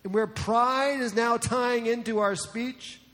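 A man's voice: very high voice, fairly even intonation, takes it slowly, fairly bright tone. A man from New Jersey preaching a sermon as a pastor, in a conversational, joking way. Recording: long reverb in a large hall.

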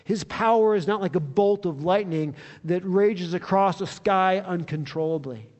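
Guy preaching in a big reverby hall, high pitched, slow and storytelling. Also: highs cut off. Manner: animated storytelling, rising with excitement. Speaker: pastor. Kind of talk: sermon.

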